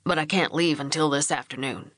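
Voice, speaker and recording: A woman reading an audiobook voices a kind, even-tempered young rancher son who speaks calmly and respectfully. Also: a little high, a little fast, no room sound, clean studio sound, pitched below the performer's own voice, lightly acted. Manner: calm, mild, respectful.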